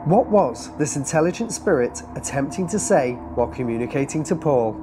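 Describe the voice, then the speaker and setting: A narrator telling of a paranormal investigation in measured documentary style. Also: mid-range voice, animated, over music. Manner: measured storytelling.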